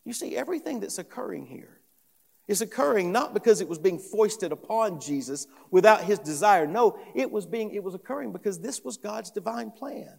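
A man's voice: high-pitched, lively intonation, moderate pace, gravelly, darkish tone. A pastor preaching an earnest sermon, emphatic and often repeating phrases as he builds each point. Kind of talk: expository sermon. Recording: long reverb of a large hall.

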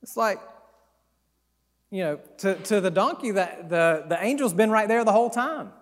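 A man preaching in an animated, conversational way as he retells a Bible story. His voice is high for a man. It carries a long reverb, as in a large hall. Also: normal speed. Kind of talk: sermon storytelling.

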